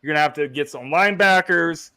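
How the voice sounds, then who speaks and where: A man's voice: a little high, fast, sharp tone, smooth, no room sound. A man hosting a casual sports podcast, blunt and joking, and talking to viewers in the chat. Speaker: podcast host.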